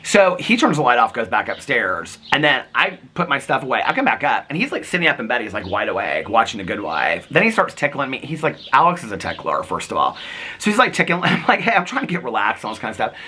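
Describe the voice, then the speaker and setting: A man's voice: mid-range voice, huge pitch swings, quick pace, pushed and bright, slight background noise. A man vlogging in casual chat, telling stories with acted-out quotes and frequent laughs. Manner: chatty storyteller, acts out quotes, laughs often.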